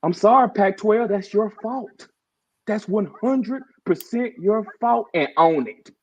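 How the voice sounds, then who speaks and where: A high-voiced man co-hosting a podcast takes it slowly while still delivering a heated, emphatic sports-talk rant. He's fired up, calling the others "bro" and saying "y'all" often, in a dull lo-fi recording.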